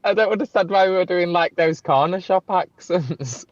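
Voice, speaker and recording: A man with a fairly high voice, talking on a video call as a guest. He keeps laughing, chats freely and swears often. The audio is dull, dry and lo-fi. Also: normal speed, dry recording. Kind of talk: casual drinking banter.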